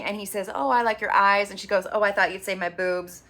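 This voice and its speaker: A woman's voice: mid-range voice, steady tone, brisk, few pauses, a bit bright. A woman casually recapping a reality dating show, playful and sarcastic, acting out the cast's quotes.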